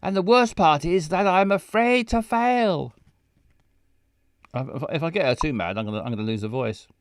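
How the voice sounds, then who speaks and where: A man's voice: on the high side, lively intonation, moderate pace, no echo, studio quality, voice pushed up. A man reading the lines of an anxious, dramatic young woman protagonist in a game. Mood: fretful. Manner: fretful, dramatic.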